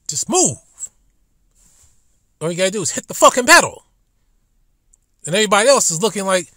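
High-voiced swearing man ranting. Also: no echo, studio quality. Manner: swears heavily, swings between low muttering and loud outbursts, laughs while talking. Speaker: YouTube commentator. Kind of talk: profane storytelling rant.

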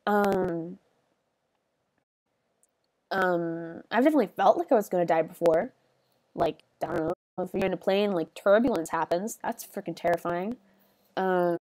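A young adult woman chatting on a livestream while she plays, soft and halting with many fillers, tearful and sniffly. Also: medium pitch, dry recording. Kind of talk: casual stream chat while gaming.

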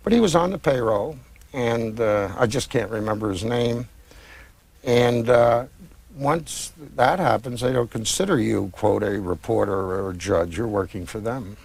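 A man's voice: mid-range voice, vocal fry, darkish tone, husky. Older guy author talking about his books, rambly, lots of uhs and restarts. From United States. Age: 60s. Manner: reflective, meandering with many pauses and restarts. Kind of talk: conversational interview.

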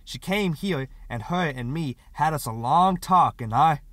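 Man playing a stern rural wife, sharp, cold, scolding, a bit raised and forceful. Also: fairly high pitch, animated, a little slow, dry recording, pitched above the performer's own voice.

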